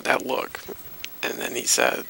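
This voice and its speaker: A man's voice: measured pace, pushed and bright, a little hiss or hum, poor audio. A young man telling a rambling story with plenty of swearing as he talks over gameplay. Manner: rambling, swearing, loose anecdotal delivery. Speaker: gaming commentator.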